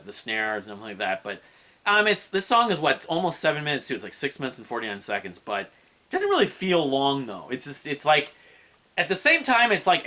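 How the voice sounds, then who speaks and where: Bright-voiced man rambling through an album review. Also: mid-range voice. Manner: rambling, hesitant, many fillers and restarts; hums and scats melodies.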